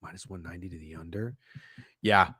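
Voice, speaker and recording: A young man hosting a sports betting livestream, talking casually and excitably, swearing often and restarting his sentences. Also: sits low, a little fast, breathy edge, no room sound, studio quality. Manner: excitable, profane, rambling with frequent restarts. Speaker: sports betting show host.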